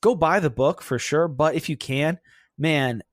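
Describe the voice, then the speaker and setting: A man hosting a podcast in casual conversation, relaxed and reflective. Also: on the high side, a little slow, no echo, clean studio sound. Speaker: podcast host.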